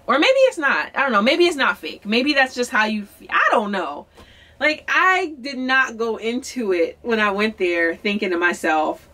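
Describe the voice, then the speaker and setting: A young adult woman from Philadelphia tells a personal story to her vlog audience. She is casual and candid, with a lively, animated delivery. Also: on the high side, moderate pace. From Philadelphia, USA. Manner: chatty, candid, animated, quotes people in lively voices. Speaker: singer-songwriter vlogger.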